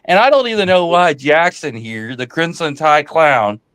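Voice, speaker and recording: A man calling in to a live sports talk show, boastful and loud in his trash talk. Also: a little high, lively intonation, normal speed, smooth, dry recording. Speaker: caller.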